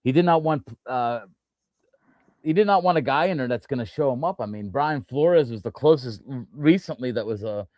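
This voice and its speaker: A man's voice: medium pitch, moderate pace, a little mellow. A man hosts a casual sports talk show in a mid-range voice. He rambles and restarts his sentences often, filling gaps with "um." The recording is dry, with no room echo. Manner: rambling, many restarts and fillers. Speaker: podcast host.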